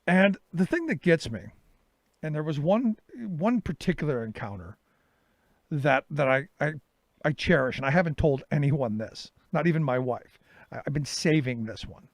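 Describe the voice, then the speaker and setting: A man's voice: on the high side, lively intonation, normal speed, no room sound. A middle-aged male talk show host telling a story in a casual monologue and acting out his own exchanges.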